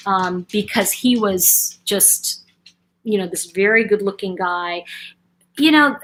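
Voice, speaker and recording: Speaking slowly in a mid-range, somewhat bright voice, a middle-aged woman hosts a relaxed live-stream chat, captured in a low-quality recording. She's talkative as she reads out comments from viewers, with frequent ums and self-corrections.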